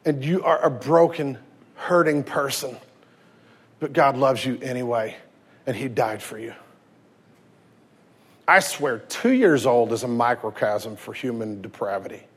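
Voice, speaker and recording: A man in his thirties, a pastor preaching a sermon with lively storytelling, swinging from loud emphasis to hushed tenderness. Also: mid-range voice, a little slow, pauses often, breathy edge. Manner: acts out quoted voices and anecdotes.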